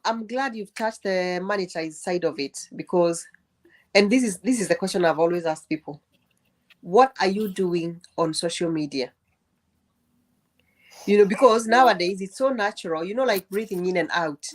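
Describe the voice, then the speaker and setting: A woman's voice: medium pitch, moderate pace. A woman sharing her experience on a group call, thoughtful and asking rhetorical questions with a few false starts. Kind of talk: casual group chat.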